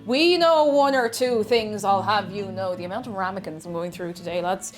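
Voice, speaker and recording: A woman's voice: medium pitch, normal speed, music in the background. A young Irish woman chatting casually while she bakes on a live stream, rambling and talking to herself as she measures things out. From Ireland.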